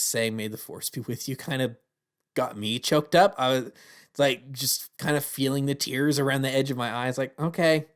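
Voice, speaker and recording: A man giving a casual spoken review of a TV series. He talks earnestly and rambles. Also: mid-range voice.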